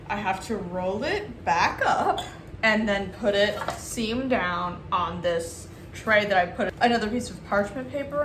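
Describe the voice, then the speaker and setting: A woman's voice: medium pitch, roomy sound, a little hiss or hum, rough recording. A young woman vlogging herself baking at home, talking casually, nervous and joking at her own expense. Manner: nervous, self-mocking, excitable. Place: home kitchen.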